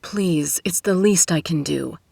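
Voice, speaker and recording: A flustered, apologetic man, as voiced by a woman narrator who trips over his words. He stays low and near the storyteller's own dark voice. Dry, close recording. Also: unhurried, gravelly, slightly rough, no room sound, heavily acted.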